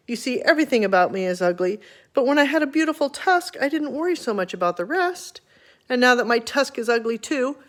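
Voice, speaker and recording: A woman voicing an old, sorrowful, angry male rhinoceros in a storybook reading, with a loud, self-pitying manner. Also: fairly high pitch, natural voice.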